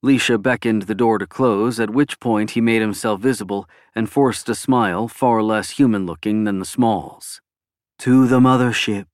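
A man giving steady, even scripted narration of a science fiction audiobook. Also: fairly low pitch, no room sound, clean studio sound.

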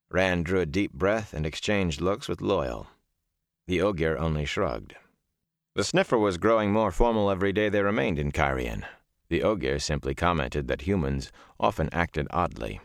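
A man narrating an audiobook chapter in an expressive storytelling manner. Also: sits low, normal speed, creaky, no echo, clean studio sound. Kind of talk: scripted narration.

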